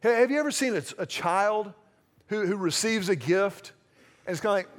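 A man's voice: high-pitched, moderate pace, long pauses. A man preaching a sermon in a conversational, self-deprecating way, acting out little quoted exchanges. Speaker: pastor.

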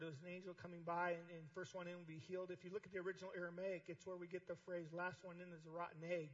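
A man's voice: high-pitched, a bit bright. A man preaching a sermon to a conference of church leaders, speaking with passion and acting out quoted lines. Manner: impassioned preaching, voicing God and Paul in quotes. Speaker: pastor. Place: large church or conference auditorium. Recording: dull sound in a large reverberant hall.

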